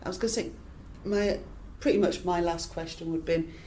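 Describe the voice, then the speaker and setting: A woman interviewer asks long, encouraging questions in a chatty, meandering way. Her voice is fairly low and mellow. She sounds a little off-mic, with faint noise behind her. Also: fairly quick, low-quality recording. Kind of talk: oral history interview.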